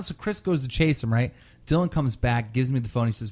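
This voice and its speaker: A man's voice: medium pitch, a little fast. A young man hosting a podcast, telling a story in a casual, profane way and acting out what people said. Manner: animated, profane, acts out quotes. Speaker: podcast host.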